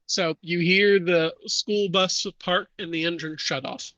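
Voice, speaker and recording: Male game master, unhurried and bright, dry recording. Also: sits high, steady tone, dry recording, lo-fi sound. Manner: measured, with many fillers. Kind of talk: narrating a tabletop horror game.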